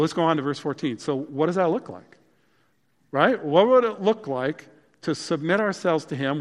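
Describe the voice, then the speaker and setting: A man's voice: on the high side, in a large hall. A man preaching with emphatic bursts. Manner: conversational, emphatic preaching with sudden loud bursts. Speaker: pastor. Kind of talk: sermon.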